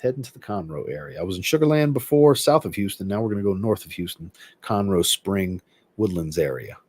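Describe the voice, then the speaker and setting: A man hosting a livestream and chatting casually, reading viewer comments aloud and answering them in a relaxed, rambling way. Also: low-pitched, a little fast, slightly rough. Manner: relaxed, rambling, with filler words. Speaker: host.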